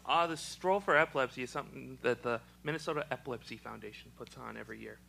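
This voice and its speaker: Young man with a gravelly, choked voice. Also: medium pitch, bright, forceful tone, slight background noise, rough recording. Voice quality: choked, froggy-sounding voice. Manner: halting, with many ums and restarts. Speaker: interviewee; special education teacher. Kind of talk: casual personal testimony.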